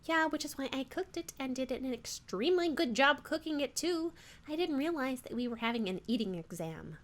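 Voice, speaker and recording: A woman's voice: high voice, expressive, a little fast. A woman voicing a snobby young female rival chef who talks down to everyone in a haughty, snippy way. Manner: condescending, haughty.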